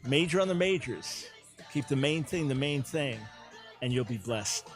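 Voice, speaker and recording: A man's voice: mid-range voice, lively intonation, normal speed, over music. Earnest man hosting a call-in show. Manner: earnest, repeats words as he speaks; preacherly appeal to listeners. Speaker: radio talk show host. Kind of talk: call-in radio talk.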